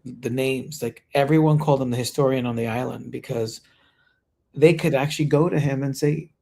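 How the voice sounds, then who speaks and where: A man co-hosting a podcast, chatting casually and telling a story in an animated way, with frequent "you know". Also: medium pitch, normal speed, vocal fry. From Colombia. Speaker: podcast co-host. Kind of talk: casual chat.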